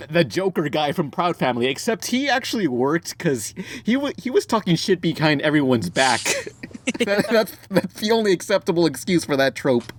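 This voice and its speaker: A man's voice: fairly high pitch, big pitch swings, normal speed, a little hiss or hum. A man hosting a casual group podcast, talking in a rambling, profane way with frequent fillers and restarts.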